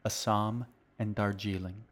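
A man reading his own novel aloud as the narrator, in slow, measured scripted narration. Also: on the low side, little pitch movement. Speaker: author and narrator.

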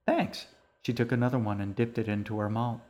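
Male storyteller, lowish voice, steady, calm narration. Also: quick pace. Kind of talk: audiobook narration.

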